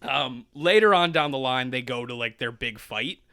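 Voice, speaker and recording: A man co-hosting a podcast, retelling a manga in lively casual chat, acting out characters and swearing freely. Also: medium pitch, normal speed, smooth. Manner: animated storytelling, acts out characters, swears. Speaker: podcast co-host.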